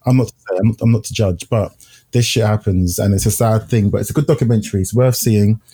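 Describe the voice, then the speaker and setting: A man with a low, husky, dark voice talks through a film he liked in a loose, relaxed way. He laughs easily between points. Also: quick pace. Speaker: podcast co-host. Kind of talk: casual film review chat.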